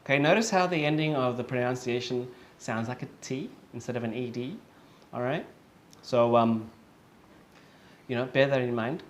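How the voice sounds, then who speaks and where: A man teaching English, speaking slowly and patiently, repeating example words several times and checking in with "okay?" often. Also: medium pitch, a little hiss or hum. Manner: slow and patient, with many fillers and checks of "okay?". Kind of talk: online lesson.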